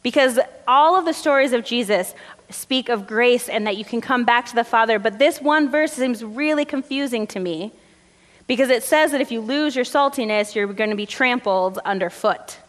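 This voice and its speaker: A woman pastor delivers a sermon in a loose, conversational storytelling manner. Her voice sits a little high for a woman. The sound rings with long reverb from the church sanctuary around her. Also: moderate pace. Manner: conversational storytelling, relaxed fillers.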